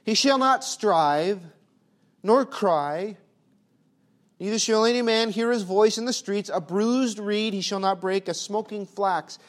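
A man preaching a sermon, asking rhetorical questions and swinging between hushed, soft passages and loud, emphatic ones. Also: high-pitched, takes it slowly.

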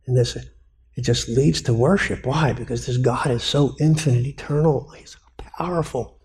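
A man preaching a sermon on biblical counseling, lively, who keeps asking rhetorical questions and answering them himself. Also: medium pitch, moderate pace.

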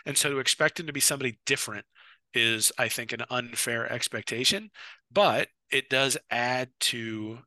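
A man co-hosting a football podcast in casual chat, long-winded and animated, often repeating words as he restarts. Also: medium pitch, normal speed, no echo. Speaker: co-host of a college football podcast. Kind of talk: casual sports talk.

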